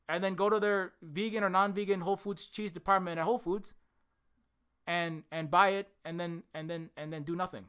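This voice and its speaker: This indie developer's livestream rant is full of profanity, veering from shouts down to low mumbles with audible strain on his voice. His tone is clear and resonant, and his pace fairly quick.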